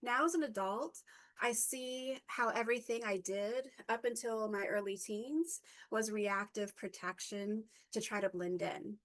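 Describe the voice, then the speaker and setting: A woman in her forties giving a personal reflective talk, halting often with ums and correcting herself mid-sentence. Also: a little high, a bit bright. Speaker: guest speaker.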